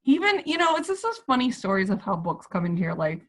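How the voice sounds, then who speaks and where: A woman joins a casual book chat as a guest. She talks in a rambling, heartfelt way and often restarts her sentences, at an ordinary pitch. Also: sing-song, fast. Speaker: podcast guest.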